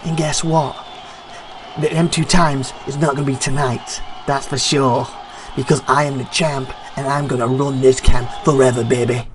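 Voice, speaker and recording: A man's voice: medium pitch, fairly even intonation, moderate pace, noisy background, lightly acted. Brief: a man playing a brash male champion; mocking, rhyming boasts. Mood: arrogant. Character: arrogant male wrestling champion Grasshopper.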